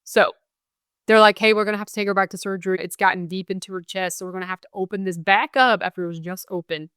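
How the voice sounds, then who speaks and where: A woman's voice: mid-range voice, steady tone, fast talker, a bit bright, smooth, no room sound, clean studio sound. A young adult woman, a guest on a podcast interview, earnestly recounting events and quoting what people said. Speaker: guest, bereaved mother.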